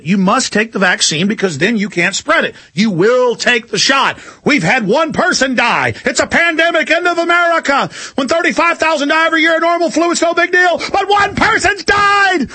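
A man voicing a shrill, panicking male media pundit in alarmist mockery. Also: bright, forceful tone.

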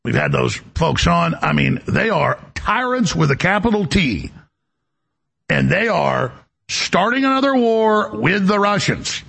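Gravelly, lively-voiced male talk host. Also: high voice, unhurried. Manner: emphatic, rambling, repeats words when ranting. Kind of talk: political talk monologue.

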